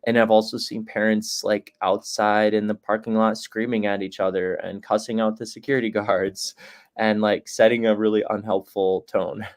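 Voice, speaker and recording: A man speaking as a guest on a talk show, earnest and thoughtful. He uses many "like" and "um" fillers. His voice sits a little low. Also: flat delivery, normal speed. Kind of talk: casual interview answers.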